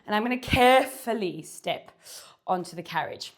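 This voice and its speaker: A woman's voice: medium pitch, lively intonation, normal speed. Breathless woman coaching a Pilates workout. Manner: counting reps and cueing form while moving, breathy sighs. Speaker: Pilates instructor. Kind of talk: workout instruction while exercising. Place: home studio.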